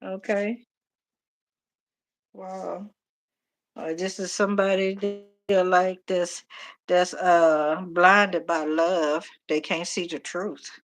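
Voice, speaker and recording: A middle-aged woman, casually reading tarot on a live stream, animated and talking straight to viewers. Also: lowish voice, takes it slowly, long pauses, soft background music. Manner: chatty, animated, talks to viewers directly. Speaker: tarot reader.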